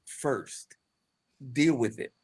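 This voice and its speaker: A man's voice: medium pitch, extremely slow, darkish tone, breathy edge. Emphatic male podcast host. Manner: emphatic, preacher-like repetition. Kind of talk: casual chat.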